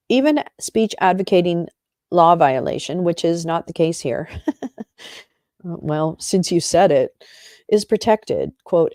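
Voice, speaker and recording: A woman hosts a livestream with a fairly low voice and a very animated, swinging delivery. She moves between reading legal passages aloud and making sarcastic, chatty remarks to her viewers. The sound is close and dry, with no room echo. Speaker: livestream host.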